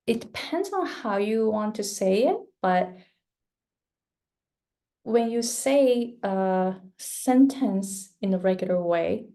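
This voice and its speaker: A woman's voice: medium pitch, warm tone. A woman whose first language is Japanese, answering questions as a guest speaker in an online Q&A and explaining patiently with examples.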